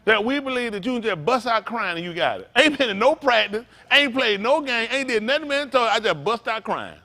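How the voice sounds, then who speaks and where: A man preaching an interactive sermon, calling out to his congregation in with a lively, animated manner. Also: very high voice, fairly quick, few pauses. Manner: animated, calls out to the congregation, folksy vernacular. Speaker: pastor.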